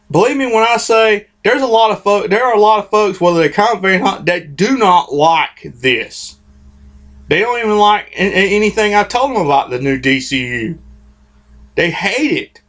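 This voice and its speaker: A man with a notably high voice hosts his own vlog and rants about comics. He sounds heated and informal, circling back to repeat himself and restarting his sentences. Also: fairly bright tone. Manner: heated, repetitive, informal, restarts phrases often. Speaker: host of a comics commentary channel. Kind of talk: opinionated vlog rant.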